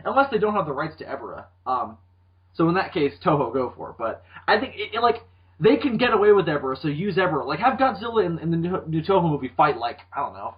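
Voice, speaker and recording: On a laid-back movie podcast, a male co-host rambles with many ums, swears, and throws in joking asides and jokey voices. He sounds a little high, very animated and fast, on a muffled recording.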